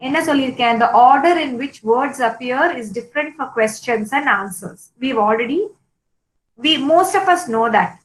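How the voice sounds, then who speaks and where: Woman, Tamil accent, English teacher, high voice, echoey room, frequent fillers. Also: very fast. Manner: explains with frequent checks and fillers. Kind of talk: online class lecture.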